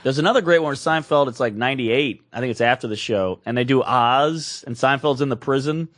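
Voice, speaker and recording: A man's voice: mid-range voice, fairly quick, a bit bright. A man, a podcast co-host telling a casual story and acting out the people in it.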